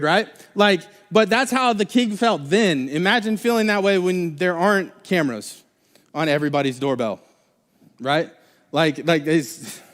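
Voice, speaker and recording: A young man preaches live in a church, his somewhat high voice carrying a long reverb through the hall. He talks in a loose, conversational way, stumbling through restarts and fillers as he goes. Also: fairly bright tone. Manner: casual, rambling with many restarts and fillers. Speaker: pastor. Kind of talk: sermon. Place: church sanctuary.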